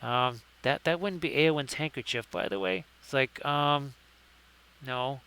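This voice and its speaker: A man's voice: medium pitch, sharp tone, clear, resonant tone. A man hosting a casual live painting stream, chatty and jokey with lots of fillers as he greets viewers.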